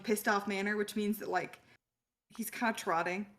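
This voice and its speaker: A woman's voice: mid-range voice, fairly even intonation, normal speed, a bit bright. A woman playing a tabletop role-playing game, describing her character's actions with amused hesitation. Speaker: player. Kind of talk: casual tabletop game chat.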